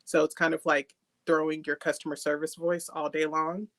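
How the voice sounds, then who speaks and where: A woman from Texas with a softened Texan accent hosting a podcast interview, chatty and laughing often as she tells stories. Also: sits low, level tone, normal speed. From Texas, USA. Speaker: podcast host. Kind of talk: casual interview chat.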